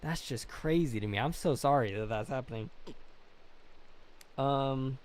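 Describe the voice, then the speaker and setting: A man's voice: mid-range voice, measured pace, long pauses, darkish tone. A young man live-streaming and chatting casually, reading comments, rambling and apologizing a lot at his own expense. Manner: self-deprecating, rambling, apologetic.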